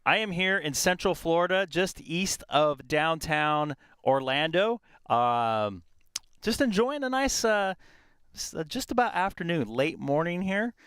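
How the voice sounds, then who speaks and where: A man's voice: fairly high pitch, fairly bright tone, smooth, dry recording, studio quality. A man chatting casually and rambling outdoors in a park during a ham radio live stream, with plenty of fillers. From California.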